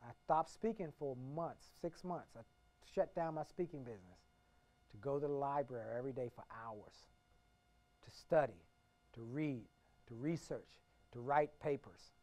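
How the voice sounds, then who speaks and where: Booming, emphatic motivational man speaker. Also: normal speed. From Washington, D.C. area. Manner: emphatic, swinging from hushed to booming, repetitive storytelling. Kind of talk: motivational keynote speech.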